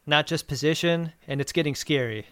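A man with a thin, reedy voice, a little high, chats casually and playfully as a podcast co-host. The close mic is dry, with no room sound. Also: fairly quick, fairly bright tone, smooth, dry recording. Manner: playful, riffing and recapping.

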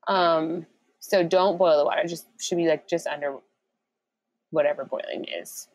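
A woman's voice: deep voice, steady tone, moderate pace, no room sound, rough recording. A woman co-hosting a podcast, reading out trivia with jokes and giggles in casual chat. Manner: jokey, giggly, reads out trivia. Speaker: podcast co-host.

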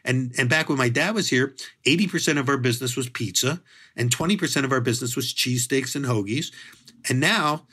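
A man's voice: mid-range voice, fairly quick, breathy edge. A middle-aged man from the Philadelphia area, a guest telling stories in a casual interview and acting out the dialogue. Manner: lively storyteller who acts out dialogue. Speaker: guest, bread author.

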